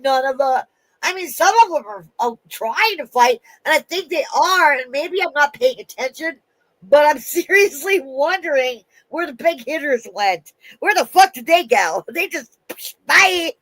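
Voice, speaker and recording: High-voiced woman in a profane rant. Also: expressive, fairly bright tone, no echo, rough recording. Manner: profane, swearing heavily; fast restarts and trailing-off sentences. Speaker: vlogger. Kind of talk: angry casual rant.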